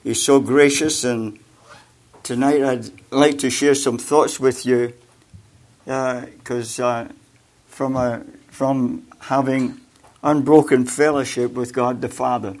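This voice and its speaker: An older man giving a sermon with personal testimony, halting, with many fillers and repeated words, and growing louder and more emphatic when he exhorts. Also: mid-range voice, level tone. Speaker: preacher.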